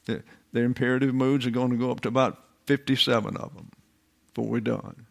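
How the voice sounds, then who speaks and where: A man's voice: medium pitch, fairly even intonation, creaky. Older man teaching a sermon. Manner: deliberate, emphatic, repeats phrases. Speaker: Bible teacher. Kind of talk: sermon, classroom Bible teaching.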